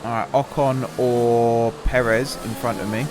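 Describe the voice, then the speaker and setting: A man's voice: mid-range voice, steady tone, unhurried, background noise. A man hosting a gaming channel, chatting and joking to himself while commentating a racing game. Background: game music and engines.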